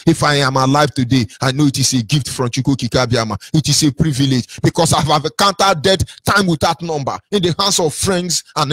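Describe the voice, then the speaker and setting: A man's voice: medium pitch, husky, dry recording, clean studio sound. A man with a Nigerian accent giving an impassioned address to listeners on a call-in line, preaching and firing off rhetorical questions. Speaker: movement speaker on a call-in line.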